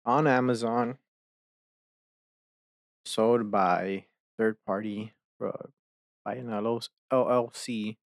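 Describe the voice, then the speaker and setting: A young man hosting a podcast, chatting casually and ranting with heavy profanity, quickly exasperated. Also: on the low side, steady tone, vocal fry, no room sound. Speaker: podcast host. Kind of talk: casual chat.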